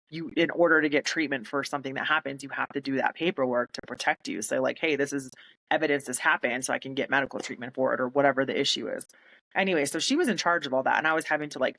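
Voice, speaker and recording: A woman's voice: low voice, gravelly, fairly bright tone, rough recording. A young woman, a military veteran, telling her own story in an interview, candid and emotional, often acting out what others said to her. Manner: emotional, candid, quotes others in rapid retelling.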